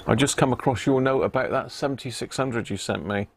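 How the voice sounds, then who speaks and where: Gravelly Devon man thinking aloud at the bench. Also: mid-range voice, brisk, no room sound. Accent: Devon English. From Devon, England. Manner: thinks aloud, mutters readings, chats with viewers. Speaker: radio repair livestream host. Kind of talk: casual live-stream chat while repairing.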